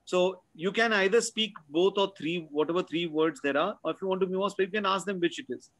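High-voiced Indian English tutor drilling words. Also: male voice, fast talker, fairly bright tone. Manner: explanatory, drills words by repetition, frequent "right?" checks. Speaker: spelling bee tutor. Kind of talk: online class lecture.

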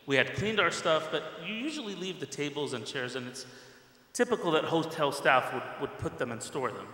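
Bright-voiced man preaching in an echoey hall. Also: fairly high pitch, a little fast. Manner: animated storyteller who addresses the congregation directly. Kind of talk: Friday sermon told as a personal story. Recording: echoey hall with long reverb.

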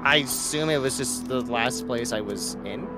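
A man rambling and thinking out loud while playing a co-op video game with friends, easily flustered. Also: mid-range voice, moderate pace, over loud music. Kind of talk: casual gaming chat.

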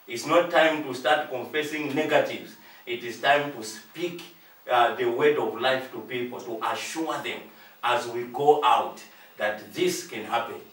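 Pastor preaching in an echoey room. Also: male voice, mid-range voice, unhurried, a bit bright, distant mic. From Zambia. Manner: preaching with emphatic repetition and acted-out dialogue. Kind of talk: sermon.

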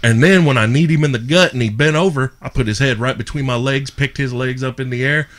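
A man hosting a podcast and telling stories in casual chat, animated and full of swearing. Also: medium pitch, fairly quick. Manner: profane, animated storyteller. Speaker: podcast host.

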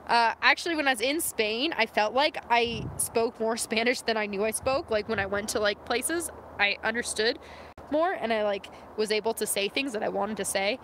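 A woman's voice: fairly high pitch, moderate pace, a bit bright, slight background noise. A young woman from California chatting casually on a livestream from inside her van, playful and talkative. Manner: chatty and playful, tries out mock accents. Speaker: vlogger and snowboarder. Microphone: phone camera.

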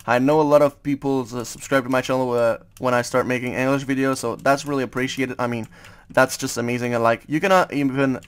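A man's voice: mid-range voice, steady tone, brisk, clear, resonant tone. French-accented young man narrating gameplay. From France. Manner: hesitant, full of fillers. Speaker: gaming YouTuber. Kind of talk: casual gaming commentary.

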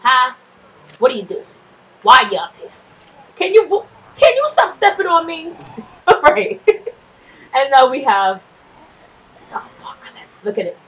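A woman casually commenting on her gameplay, chatty and quick to swear, often laughing and talking back to the game's characters. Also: high voice, big pitch swings, a bit bright, low-quality recording. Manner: nervous and jumpy in scary moments. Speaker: gameplay streamer. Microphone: desk microphone.

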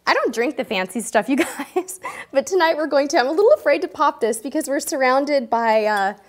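A woman in her forties, a cruise vlogger, chatting warmly and emotionally to viewers during a live stream, choked up at times. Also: sits high, lively intonation, brisk. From California, US. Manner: chatty, gushing, talks straight to viewers in the chat.

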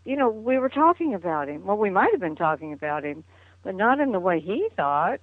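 A woman's voice: medium pitch, sing-song, brisk, dry recording. An older woman chats as an interview guest, reminiscing in a loose, storytelling way and breaking into laughs often. Her voice arrives over a tinny phone line. The sound is dry, with no room around it. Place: at home on a phone call.

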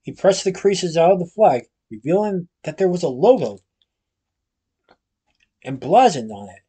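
A man reading a children's storybook aloud at a steady pace, occasionally restarting a phrase. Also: sits high, a little slow, breathy edge. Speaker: storybook reader.

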